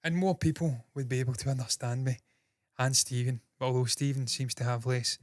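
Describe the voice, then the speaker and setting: A Scottish man hosting entertainment news in casual solo commentary, talking fast with a slightly nasal voice, swearing freely and mocking himself. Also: medium pitch, fairly even intonation, no echo, clean studio sound. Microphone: processed with equalizers, compression and noise gate.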